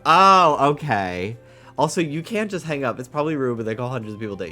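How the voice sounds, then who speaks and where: A man talks casually on a live stream, joking and reading chat messages aloud. His voice is mid-pitched, and soft music plays quietly behind him. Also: very animated, fast. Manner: chatty, jokey, reads chat aloud.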